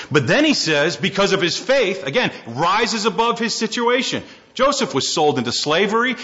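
A man preaching a sermon, reading scripture and acting out quotes with dramatic shifts in his voice. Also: a little high. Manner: animated preaching, dramatic voicing of quotes, rising to near shouts. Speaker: pastor. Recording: muffled lo-fi recording.

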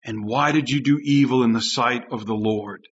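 A man preaching a sermon with passion, swinging from loud urgent lines down to low, intense tones. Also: moderate pace, highs cut off. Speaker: pastor.

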